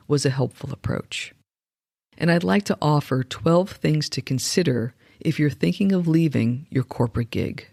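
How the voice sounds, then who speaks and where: A man in his fifties, a wellness coach reading a reflective essay aloud in a calm, measured way. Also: a little high, vocal fry, no room sound, clean studio sound.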